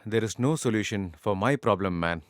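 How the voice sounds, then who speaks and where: A man's voice: on the low side, fairly quick, no room sound, studio quality, lightly acted. A man playing a desperate pleading husband. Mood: despairing. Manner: pleading, distressed. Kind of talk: dubbed film acting.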